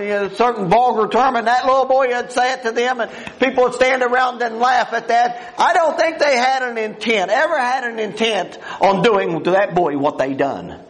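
A man's voice: extremely high pitch, a bit bright, poor audio. An older man preaching a sermon in a folksy, rambling way, full of restarts and plain country grammar.

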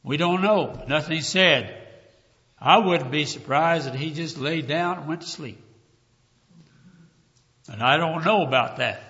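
A man preaching a sermon with emotion, calling his listeners "dear ones" and swinging from hushed talk to loud cries. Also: fairly high pitch, a little slow, long pauses. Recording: dull lo-fi recording, long hall reverb.

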